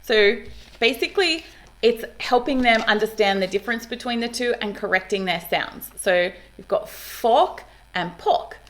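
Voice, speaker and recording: A woman's voice: on the high side, a little slow. Upbeat woman explaining. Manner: upbeat, animated, modelling speech sounds. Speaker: speech pathologist. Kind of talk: explaining to parents on camera.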